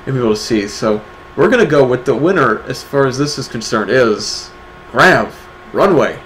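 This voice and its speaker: Man, co-host, lively swooping pitch, teasing, casual chat, faint noise behind. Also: normal speed, low-quality recording. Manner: joking, teasing, animated. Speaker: awards co-host.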